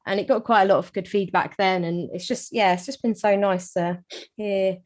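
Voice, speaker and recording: A woman's voice: mid-range voice, fairly even intonation, moderate pace. A woman, a guest singer, chatting casually in an interview with frequent ums.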